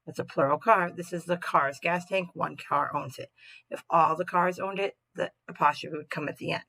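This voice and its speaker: A woman's voice: lowish voice, steady tone, moderate pace, vocal fry, bright, forceful tone, low-quality recording. A woman teacher giving a recorded grammar lesson, upbeat and checking in with "right?" as she goes. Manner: upbeat, tags statements with "right?"; acts out example sentences expressively.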